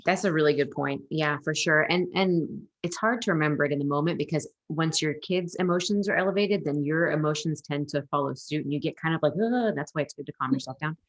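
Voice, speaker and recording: A woman's voice: sits low, fairly even intonation, fast talker, few pauses. A young adult woman, a former teacher and parent, chatting as an interview guest, laughing often and acting out quotes. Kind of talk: casual interview chat.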